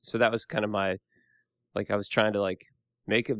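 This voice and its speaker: A man's voice: on the low side, level tone, a little fast, a bit bright, dry recording, studio quality. A man in his thirties, a guest on a podcast, rambling in casual chat with many restarts and fillers.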